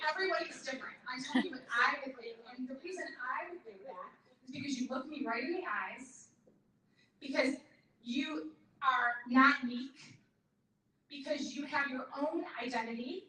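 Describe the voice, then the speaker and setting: A woman giving a live workshop talk to an audience, animated and acting out other people's lines in a higher voice. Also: moderate pace, slight background noise. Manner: animated, acts out her mother's lines in a higher voice. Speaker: workshop presenter. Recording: echoey room, far from the mic.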